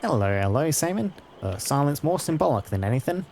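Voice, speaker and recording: A man's voice: fairly high pitch, big pitch swings, fairly quick, darkish tone, a little hiss or hum. A man chatting casually while playing through a video game, musing aloud about the story. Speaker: let's play host. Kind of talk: casual gameplay commentary.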